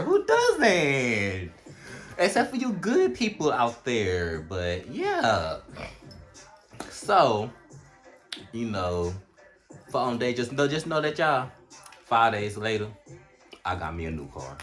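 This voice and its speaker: Young man, low voice, animated storytime vlog, music underneath. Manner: animated, chatty storytelling with lots of fillers. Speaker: vlogger.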